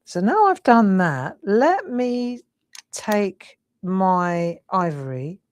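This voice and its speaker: Recorded dry, this woman in her sixties has a fairly low pitch and a slightly Cockney English accent. She's a craft demonstrator from England, chatting warmly as she draws live and peppering her talk with "look" and "lovely."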